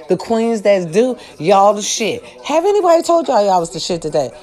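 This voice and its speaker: An older woman giving a loud, sassy, profane pep talk to her followers. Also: mid-range voice, expressive, moderate pace, few pauses. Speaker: vlogger.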